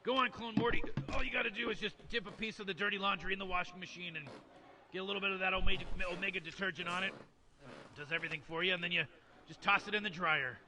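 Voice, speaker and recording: Man doing a rambling, dismissive old mad scientist, high-ish voice, talks fast. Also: steady tone, sharp tone, a little hiss or hum. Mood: placating. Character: scheming careless old male mad scientist. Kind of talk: fan voice impression over gameplay.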